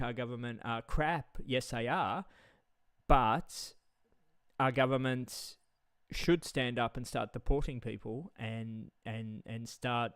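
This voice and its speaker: A man's voice: medium pitch, unhurried, clean tone, dry recording, studio quality. A man ranting heatedly on a livestream, swearing and stammering through repetitions. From Australia. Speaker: live streamer. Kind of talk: angry livestream rant.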